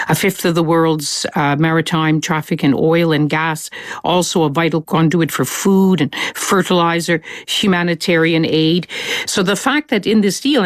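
A woman explaining world news in a measured, conversational way on a studio podcast, with occasional restarts. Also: low-pitched, no room sound. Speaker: foreign affairs analyst. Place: London studio.

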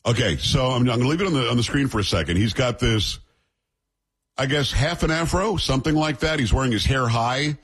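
A man's voice: medium pitch, fairly quick, a bit bright, breathy edge. A man hosting political commentary in a scornful, talky way. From New York. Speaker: commentary host.

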